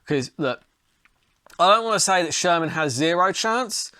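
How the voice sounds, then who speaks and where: A young man hosting a fight-betting show, talking casually and profanely, thinking out loud as he goes. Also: high voice, lively intonation, normal speed, no room sound, clean studio sound. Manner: profane, chatty, talks himself into things. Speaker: podcast host, fight tipster.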